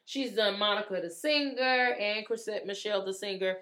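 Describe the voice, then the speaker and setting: A woman hosts a casual talk show. She speaks in a chatty, familiar way, calling her listeners "ladies" and "honey." Her voice sits at an ordinary middle pitch for a woman. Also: normal speed, a bit bright. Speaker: podcast co-host. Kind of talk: casual chat.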